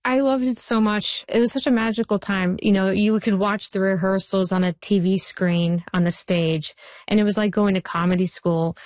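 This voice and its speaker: A woman television writer answering interview questions, telling stories with lively acted-out quotes. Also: medium pitch, no echo. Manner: animated, acts out quoted voices in anecdotes. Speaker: TV writer and showrunner guest. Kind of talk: conversational interview storytelling.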